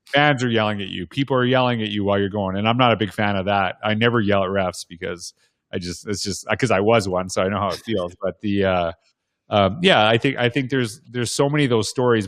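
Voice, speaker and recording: A man's voice: fairly low pitch, fairly quick, no room sound, clean studio sound. A man telling stories as a guest panelist in casual talk, rambling with many restarts and fillers. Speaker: guest panelist, educator and former basketball referee. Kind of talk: casual storytelling on a video panel.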